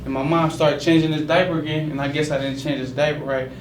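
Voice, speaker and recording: A young man tells a story from his own life, casual and slangy, leaning on "like" again and again. His voice sits a bit high. The recording has a roomy echo and clear background noise. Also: level tone, quick pace, far from the mic. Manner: casual and slangy, many "like" fillers. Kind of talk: personal storytelling. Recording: echoey room with background noise.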